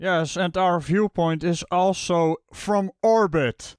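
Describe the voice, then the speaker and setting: A man's voice: sits high, fairly even intonation, takes it slowly, smooth, dry recording, clean studio sound. A man from the Netherlands giving sarcastic, mocking reaction commentary, laughing often. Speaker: YouTube commentator.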